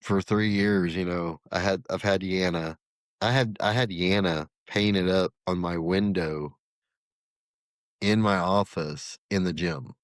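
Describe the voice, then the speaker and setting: A middle-aged man with a drawl tells a long story as a podcast guest, his voice sitting on the low side. He slips into the voices of the people he quotes and keeps the telling lively. The sound is close and dry, with no room around it. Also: slow, no echo. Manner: animated, acts out quoted dialogue. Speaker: podcast guest, former corrections captain. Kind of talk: casual storytelling.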